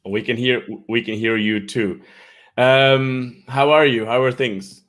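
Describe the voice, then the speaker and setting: A man's voice: medium pitch, fairly even intonation, takes it slowly, a bit bright. An Irish man hosting a casual live-stream chat for English learners, greeting viewers by name and laughing often. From Ireland.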